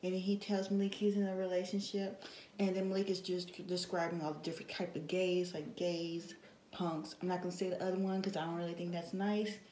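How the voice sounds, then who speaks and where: A woman's voice: lowish voice, little pitch movement, fairly quick, mellow, roomy sound, a little hiss or hum, low-quality recording. A woman recapping a reality TV episode in a casual, chatty way, full of fillers and blunt asides. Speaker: TV show reviewer.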